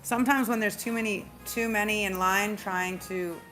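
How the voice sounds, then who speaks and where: A woman's voice: medium pitch, fairly even intonation, normal speed, pushed and bright, soft background music. Woman with a slight Southern drawl. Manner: chatty, emphatic, repeats phrases, speeds up and stumbles at times. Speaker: tarot reader. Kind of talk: casual spiritual tarot reading.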